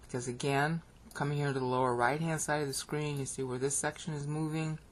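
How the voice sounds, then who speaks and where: An American Bible teacher narrates a screen-recorded lecture in a brisk, mid-range voice with fairly even intonation. Throughout the explanation, they keep checking in with listeners with a frequent "okay?"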